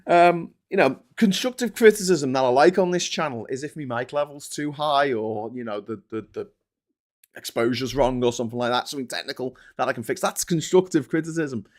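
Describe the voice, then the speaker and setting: A man's voice: mid-range voice, brisk. A middle-aged man with an English accent hosting a casual live-stream, chatty and restless, laughing often as he mocks trolls and critics. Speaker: host.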